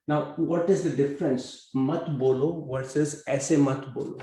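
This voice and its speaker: Mellow-voiced man teaching an online class. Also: a little high, fairly even intonation, a little slow, echoey room, poor audio. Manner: filler-heavy, questions students. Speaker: Hindi teacher. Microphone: video call.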